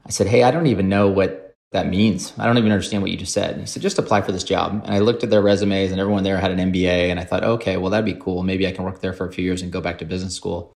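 A man's voice: low voice, fairly even intonation, rapid-fire, vocal fry, few pauses, darkish tone. A man in his forties, a podcast guest, telling his career story in a casual, self-deprecating way. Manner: self-deprecating, acts out quoted voices.

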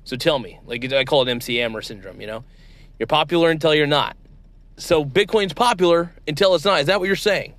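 A man's voice: fairly high pitch, a little fast, fairly bright tone, no room sound. A man hosting a comedy sketch interview, playing a mock-outraged, exasperated interviewer. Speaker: show host.

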